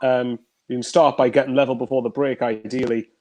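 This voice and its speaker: A man giving measured, slightly hesitant opinions as a co-host on a fan stream. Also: medium pitch, level tone, a little mellow. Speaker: co-host pundit. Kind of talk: casual fan chat.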